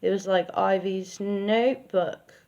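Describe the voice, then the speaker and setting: A woman's voice: medium pitch, fairly even intonation, a little slow, darkish tone, muffled recording. A woman telling a personal story in a casual, rambling way with lots of fillers. She speaks candidly and swears now and then.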